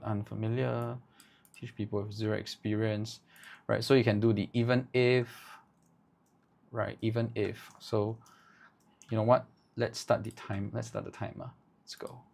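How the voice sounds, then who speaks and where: A man teaching ad writing live, thinking aloud in halting bursts and tagging his points with "right?". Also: on the low side, creaky, darkish tone. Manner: halting, with many restarts. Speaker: agency owner teaching ad writing.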